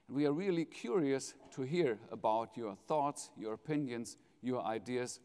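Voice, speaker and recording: A man's voice: mid-range voice, darkish tone. A middle-aged man with a German accent giving a formal, lightly joking welcome speech as head of a foundation. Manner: measured, jovial, polls the audience. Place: large university hall, live audience. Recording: reverberant hall.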